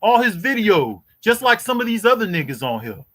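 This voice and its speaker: His voice is high and sing-song, brisk and a bit bright. A forties-aged man hosting a boxing livestream on YouTube, he mocks a rival with profanity and keeps repeating "boy" and "you hear me."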